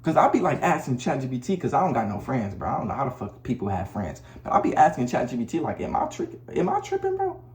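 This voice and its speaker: A man's voice: mid-range voice, animated, fast talker, hardly any pauses, a little mellow. Blunt slangy man in an echoey room. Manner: blunt, preachy, slangy, repeats himself. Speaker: vlogger. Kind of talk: casual advice monologue to camera. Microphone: camera mic.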